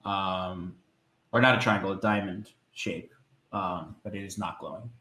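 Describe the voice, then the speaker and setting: Give me a low-voiced, hesitant man running a tabletop game, in a roomy echo. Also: pushed and bright. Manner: hesitant, many filler pauses. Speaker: game master.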